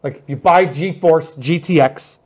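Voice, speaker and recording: A man co-hosting a casual tech and gaming livestream, joking and quick to get excited. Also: fairly high pitch. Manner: joking, excitable, self-mocking. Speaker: livestream co-host.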